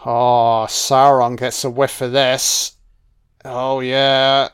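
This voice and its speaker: Chill guy talking over a movie, slow and smooth, swears a lot. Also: medium pitch, little pitch movement, fairly bright tone. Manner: laid-back, sweary, jokey. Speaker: film commentator. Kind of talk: casual audio commentary.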